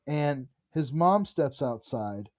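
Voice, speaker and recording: A man's voice: fairly high pitch, expressive, takes it slowly, dry recording, clean studio sound. A man co-hosting a podcast, chatting casually and enthusiastically about comic books, reading bits of dialogue aloud. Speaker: podcast co-host. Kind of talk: casual comic book discussion.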